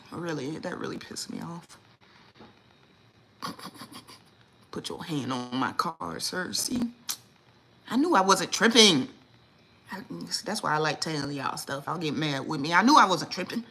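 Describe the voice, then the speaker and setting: A woman, hosting a casual livestream chat and telling stories in a lively, indignant way, acting out what people said. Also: low-pitched, a little hiss or hum, low-quality recording. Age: 40s. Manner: animated storytelling, acts out quotes, lively and indignant. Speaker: livestream host.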